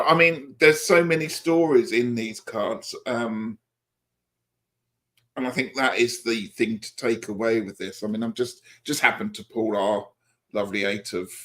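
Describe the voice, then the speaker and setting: A man's voice: on the low side, unhurried, a bit bright. A man co-hosting a live tarot show, talking with enthusiasm about the stories in the cards. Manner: enthusiastic, storytelling. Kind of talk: casual chat on a live stream.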